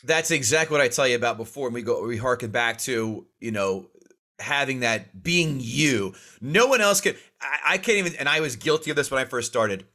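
Fast-talking North Jersey man. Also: medium pitch. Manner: fast, animated storytelling with swearing. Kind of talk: casual chat.

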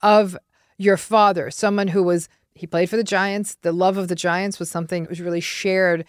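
A woman hosting a podcast interview, reflecting back on a guest's story in a measured, analytical way. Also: lowish voice, fairly even intonation, no room sound, studio quality. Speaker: podcast host and psychologist.

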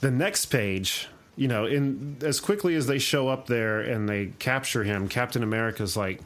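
A man hosting a casual chat show, retelling a story in a long-winded, animated way. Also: mid-range voice, moderate pace.

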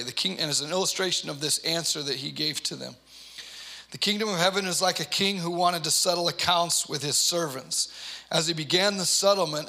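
A pastor delivering a sermon in a conversational way, reading scripture aloud and often restarting with repeated words. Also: male voice, fairly high pitch, pushed and bright.

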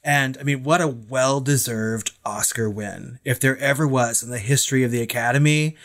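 A man's voice: mid-range voice, steady tone, moderate pace, fairly bright tone. A man in a mid-range voice trades film opinions on a podcast. He talks chattily and laughs often, leaning on "I mean" and "like" as he goes. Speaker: podcast co-host. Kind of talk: casual film discussion.

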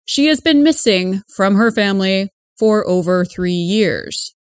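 A woman voicing a radio news reader with an even, formal delivery. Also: mid-range voice, a little slow, no room sound, close to an everyday voice.

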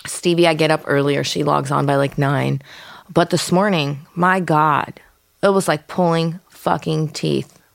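A woman's voice: sits low, fairly even intonation, unhurried, gravelly, no echo. A middle-aged woman co-hosting a podcast, telling stories in a laid-back, profane way. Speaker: podcast co-host. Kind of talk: casual chat.

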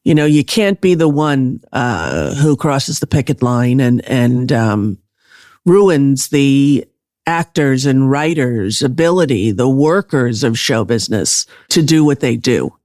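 A woman's voice: a bass voice, lively intonation, takes it slowly, darkish tone, no echo, studio quality. A woman hosting a podcast in casual chat, rambling with lots of fillers and restarts. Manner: enthusiastic when introducing a guest. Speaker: podcast host.

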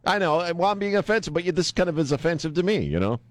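A man's voice: on the high side, big pitch swings, fast, no room sound. A man hosting a talk radio show, joking bluntly and rambling with fillers as he riffs on the news. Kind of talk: casual talk radio banter. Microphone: studio microphone. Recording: dry studio sound.

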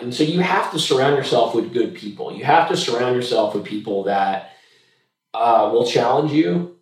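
A man's voice: medium pitch, a little mellow. Reflective man telling a story in a roomy room. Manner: reflective, repeats words when starting sentences. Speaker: guest. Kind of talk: conversational storytelling. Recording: roomy room, distant mic.

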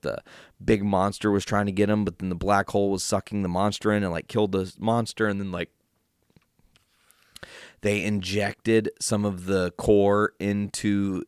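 A man giving an excited, casual recap of a movie, full of swearing and filler words. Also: low voice, clean tone, no echo, clean studio sound. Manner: enthusiastic, swears often, lots of fillers. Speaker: film reviewer.

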